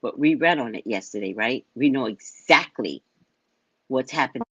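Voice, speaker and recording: A woman's voice: very deep voice, lively intonation, moderate pace, a bit bright, slightly rough, no room sound, dull audio. An older woman hosting a psychic show, reading the news aloud and bluntly mocking it with profanity in a casual rant. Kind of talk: casual live-stream rant.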